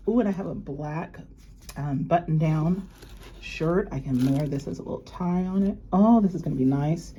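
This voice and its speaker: A woman's voice: low-pitched, expressive, measured pace, pauses often, mellow, a little hiss or hum. A woman chatting casually at home as she unboxes luxury goods, gushing with gasps and exclamations.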